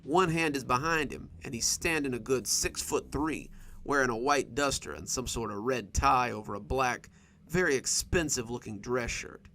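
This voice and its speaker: Male narrator for first-person horror fiction, bright voice, steady and measured. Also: medium pitch, slight background noise.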